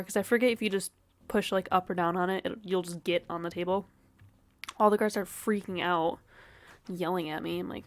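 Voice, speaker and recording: A young adult woman streaming a game, chatting casually and rambling with lots of "like", wry asides and soft laughs. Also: mid-range voice. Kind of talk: casual gameplay commentary.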